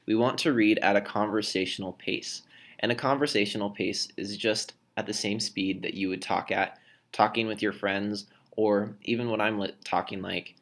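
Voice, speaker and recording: Guy teacher w/ a lowish voice walking through a lesson, shows stuff by reading it out. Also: steady tone, normal speed, vocal fry, a bit bright. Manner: plain explaining, demonstrates with his voice. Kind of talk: recorded classroom lesson.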